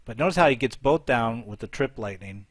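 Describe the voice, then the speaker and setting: A man's voice: medium pitch, expressive, fairly quick, no room sound. A man hosting a live show, commentating game attack replays and thinking aloud as he looks for each one.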